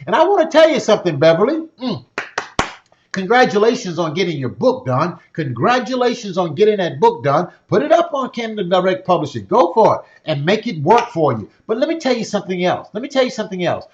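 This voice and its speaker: A man's voice: sits high, big pitch swings, fairly quick, highs cut off. A man hosting a live online session, giving a motivational talk with a preacher-like cadence, repeating phrases and calling out viewers by name.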